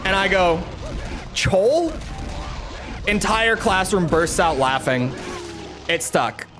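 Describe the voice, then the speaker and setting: A man's voice: sits high, expressive, unhurried, over music. Young man rambling through a stream story. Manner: rambling, self-mocking storyteller with many restarts. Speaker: gaming streamer. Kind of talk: casual chat while live-streaming a game.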